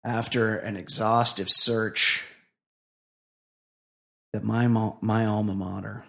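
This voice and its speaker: A man's voice: fairly low pitch, level tone, takes it slowly, creaky, a bit bright. A man co-hosting a comedy podcast in casual banter, blunt with rambling asides. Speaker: podcast co-host.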